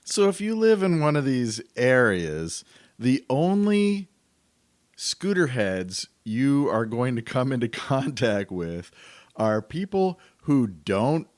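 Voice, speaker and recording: A man hosting a podcast, ranting in a casual, animated and incredulous way, his pitch jumping up as he gets worked up. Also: slow, no echo. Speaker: podcast host.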